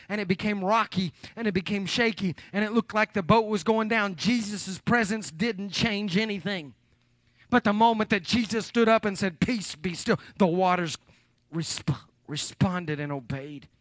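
A man preaching a sermon, building repeated phrases to loud peaks and dropping to hushed, near-whispered lines. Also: high-pitched, moderate pace, dry recording, studio quality. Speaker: pastor.

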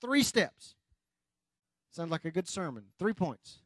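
A man preaching a morning sermon, emphatic and building to shouts at times. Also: high-pitched, big pitch swings, takes it slowly, dry recording. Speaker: pastor.

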